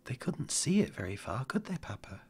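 A small, frightened boy speaks timidly, his voice lifted well above the man voicing him's own low register. He often drops to a weak whisper. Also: big pitch swings, moderate pace, creaky, husky, exaggerated voice. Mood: anxious.

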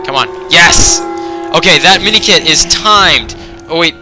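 A man's voice: on the high side, lively intonation, a little slow, music in the background, rough recording. A man giving casual video game commentary, rambling with lots of fillers and often exasperated at the game. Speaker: let's play host.

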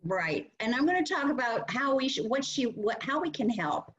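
A woman's voice: fairly high pitch, very animated, normal speed. A woman presenting a workshop and teaching caregivers, earnestly acting out what to say to a child. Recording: muffled lo-fi webinar audio.

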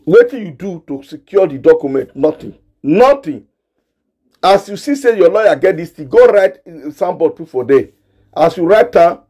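Slightly high and dark, with a breathy edge, this man's voice carries a Nigerian Pidgin accent. He's a gossip commentator from Nigeria, delivering a scolding rant that addresses his targets head-on and hammers the same lines repeatedly.

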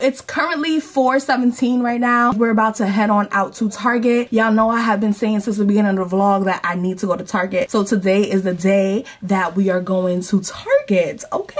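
A young woman vlogging to a handheld camera, chatting casually and slangily to her viewers while walking through a busy store. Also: a little high. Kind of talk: casual vlog chat to camera. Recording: noisy store with crowd chatter. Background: store crowd noise.

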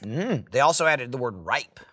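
A man's voice: mid-range voice, expressive, normal speed, sharp tone. A man co-hosting a casual food review podcast, playful and teasing. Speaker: podcast co-host.

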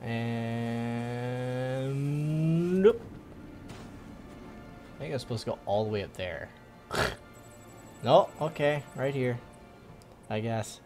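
A man's voice: medium pitch, expressive, moderate pace, long pauses, darkish tone, soft background music. A young man giving casual, joking commentary while playing a video game, swearing often and taunting the enemies on screen. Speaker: gaming video host.

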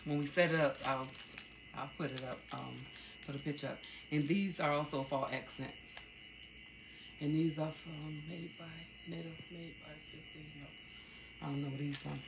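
Chatty low-voiced woman vlogger. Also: steady tone, creaky, background noise. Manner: chatty, halting with many ums. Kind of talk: casual haul vlog. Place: at home.

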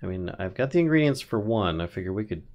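A man's voice: fairly low pitch, expressive, fast talker, a little mellow. A man casually chatting on a gaming stream, thinking aloud as he reads out crafting recipes and often laughing. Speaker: streamer, co-host.

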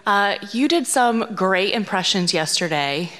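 A woman's voice: medium pitch, expressive, a little slow, bright, forceful tone. Fan woman asking in a reverberant hall. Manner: polite, hesitant questioning. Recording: audience mic in long-reverb hall.

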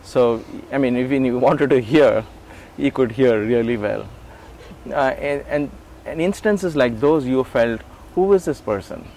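A man's voice: medium pitch, measured pace, slight background noise. A man in his forties recounting memories in an interview, acting out the voices in his stories with chuckles and restarts. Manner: animated, acts out quoted dialogue. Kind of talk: storytelling recollection.

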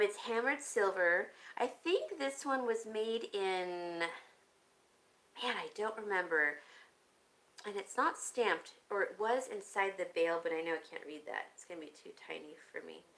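A woman's voice: fairly high pitch, bright, forceful tone, low-quality recording. A woman chatting casually on a live stream, showing jewelry and muttering to herself as she fiddles with her phone. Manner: unhurried, chatty, self-talk while fiddling with her phone.

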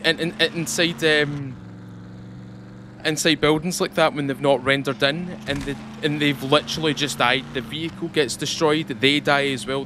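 A man from the UK chatting excitedly to viewers while playing a game. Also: on the high side, noisy background. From United Kingdom. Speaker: gaming channel host. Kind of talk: casual gameplay commentary.

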